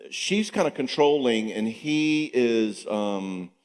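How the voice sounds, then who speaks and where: A man's voice: mid-range voice, slow pace, smooth. A middle-aged man giving a conversational teaching talk at a marriage conference, acting out spouses' lines. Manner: animated, acts out spouses' dialogue. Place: church hall. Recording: long reverb in a church hall.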